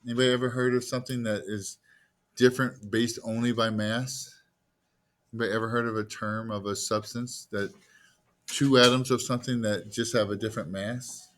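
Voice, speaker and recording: A man's voice: medium pitch, level tone, a little fast, a bit bright. A man delivers a classroom lecture in an easygoing, conversational way. He keeps quizzing the students, then supplies the answers himself, and slips in playful asides along the way. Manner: asks the class questions and answers them himself; casual, jokey asides. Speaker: teacher.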